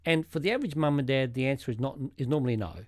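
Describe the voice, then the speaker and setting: A man's voice: mid-range voice, lively intonation, rapid-fire, a little mellow, dry recording, clean studio sound. A man, a tax accountant explaining rules step by step with worked examples on a podcast. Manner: methodical, walks through examples step by step.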